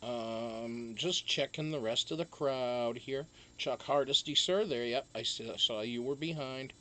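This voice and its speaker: A man's voice: medium pitch, a little slow, bright, forceful tone, a little hiss or hum. A man hosting a casual live stream, chatting loosely, greeting viewers one by one and swearing freely.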